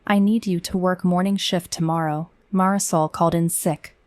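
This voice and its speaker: A woman's voice: fairly low pitch, fairly even intonation, normal speed, clean tone, no room sound, close to an everyday voice. A curt, scolding café boss, as a woman puts her on. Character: stern bossy female café manager.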